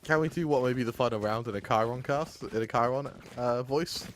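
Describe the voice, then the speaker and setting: A man giving color commentary on an esports match, jokey with deadpan asides and frequent laughter. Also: mid-range voice, fairly quick, slight background noise. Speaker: esports co-caster.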